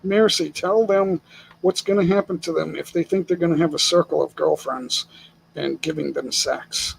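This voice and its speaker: A man's voice: fairly high pitch, steady tone, moderate pace, creaky, slight background noise, rough recording. An older man from the United States hosting a casual live stream chat from home, speaking bluntly and with opinions, chuckling often.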